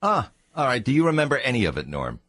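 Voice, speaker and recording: A man's voice: medium pitch, wildly swooping pitch, fast talker, fairly bright tone, dry recording. A man hosting a talk radio show, joking and teasing his guest at the studio microphone.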